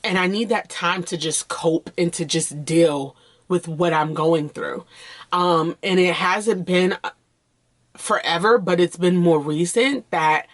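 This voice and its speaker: A woman's voice: lowish voice, takes it slowly. A woman vlogging in a candid, conversational way, earnest and open as she speaks directly to her viewers. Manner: loose and conversational, with fillers and restarts. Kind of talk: candid personal vlog talk.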